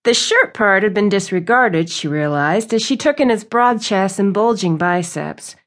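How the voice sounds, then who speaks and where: A woman reading a romance novel aloud as an audiobook narrator. Her storytelling is smooth and even. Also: mid-range voice, normal speed. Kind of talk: scripted narration.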